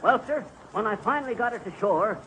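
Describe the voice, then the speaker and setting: A man's voice: high-pitched, lively intonation, a little fast, sharp tone, low-quality recording. An actor playing a blustering middle-aged man telling a tall tale in a 1940s radio comedy, folksy and boastful. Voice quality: folksy, boastful, malaprop-prone. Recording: hissy old radio transcription.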